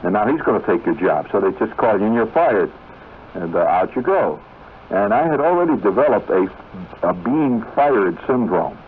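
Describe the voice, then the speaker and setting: A low-voiced man spins a rambling story on a 1970s radio broadcast, talking straight to the listener with asides and digressions. The sound is thin and tinny, like a phone line, with a faint hiss underneath. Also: sing-song, moderate pace. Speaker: radio host.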